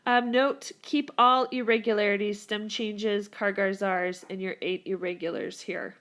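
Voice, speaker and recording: Slow, upbeat woman teaching a lesson. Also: mid-range voice, fairly even intonation, fairly bright tone. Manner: upbeat, encouraging, addresses students fondly. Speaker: Spanish teacher. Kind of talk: recorded whiteboard lesson.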